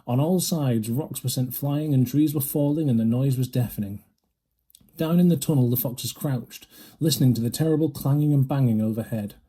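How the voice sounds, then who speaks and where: A man narrating a children's storybook aloud with a steady, lively manner. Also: medium pitch, moderate pace, breathy edge. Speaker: reader.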